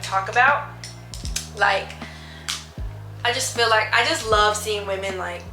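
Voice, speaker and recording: A woman's voice: fairly high pitch, sharp tone. A young woman in her twenties chatting casually in a rambling way while doing her makeup. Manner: chatty, rambling, many fillers. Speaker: beauty vlogger. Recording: echoey room with faint music.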